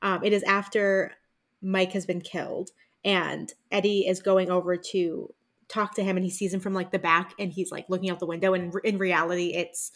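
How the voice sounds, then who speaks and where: A woman's voice: fairly low pitch, flat delivery, moderate pace. Chatty young woman podcast co-host. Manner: chatty, many fillers, laughs along. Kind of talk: casual chat.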